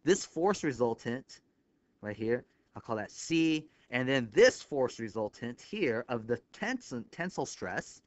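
A man lecturing on an engineering topic at a whiteboard, thinking aloud step by step and marking each step with a quick 'bam'. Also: medium pitch, big pitch swings, no room sound. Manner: explains step by step with frequent 'right here'. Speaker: engineering instructor. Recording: slightly dull, lo-fi dry recording.

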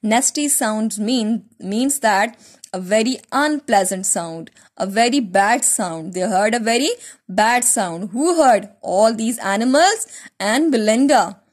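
A woman teacher giving a recorded lesson, explaining a poem slowly, repeating words and asking simple questions. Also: a little high, expressive.

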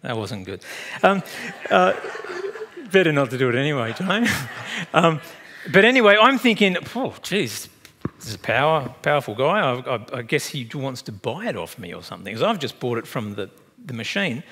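A man in his fifties with an Australian accent, a pastor preaching a sermon and telling chatty stories with laughs along the way. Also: a little high. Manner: storytelling, animated and chatty, laughs at own stories.

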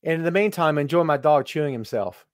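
Speaking quickly and expressively in a slightly high voice, a middle-aged man hosts a webcam live-stream wrestling podcast. He jokes, teases, and greets viewers by name, all captured in a dry, studio-quality recording.

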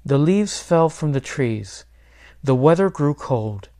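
A man, a teacher, reading a children's picture book aloud in clear, steady storytelling. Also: on the high side, slow pace. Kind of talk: children's read-aloud narration.

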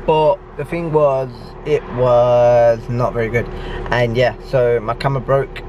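A man's voice: mid-range voice, steady tone, a little slow, muffled recording. A young man with a Midlands English accent, chatting loosely to his vlog camera. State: tired. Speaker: vlogger. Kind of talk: casual vlog talk. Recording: noisy handheld camera audio.

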